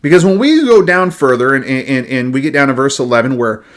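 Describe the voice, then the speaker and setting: A man giving a devotional Bible talk in an animated way, often repeating words as he starts a thought. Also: medium pitch, a little fast. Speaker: Bible teacher.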